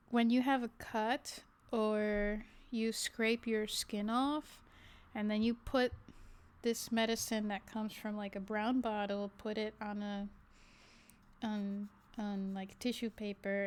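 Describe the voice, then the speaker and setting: A woman livestreaming her art and chatting casually, often pausing to hunt for the right word. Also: mid-range voice, clear, resonant tone. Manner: halting, searching for words with many fillers. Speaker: livestreaming artist. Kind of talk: casual chat while reacting to a video.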